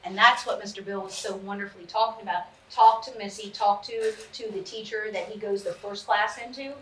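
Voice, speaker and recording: A woman leading a parent training session in a casual, animated way, often acting out what kids and parents say. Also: medium pitch, a little fast, slight background noise. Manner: animated and chatty, acting out quotes. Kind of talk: casual coaching talk. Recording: echoey room, mic at a distance.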